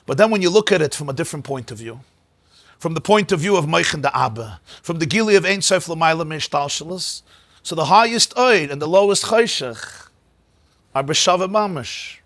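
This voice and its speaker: Animated, high-voiced man teaching a class. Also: normal speed, no room sound. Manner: animated and emphatic, repeats words, mixes in Hebrew and Yiddish terms. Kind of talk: lecture on mystical texts. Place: synagogue.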